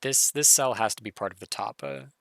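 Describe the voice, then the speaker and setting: Hoarse guy muttering thru a puzzle solve, kinda sharp bright voice. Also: lowish voice, brisk, no echo, clean studio sound. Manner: muttering, self-correcting, excited. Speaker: puzzle streamer. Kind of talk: thinking-aloud live puzzle solve.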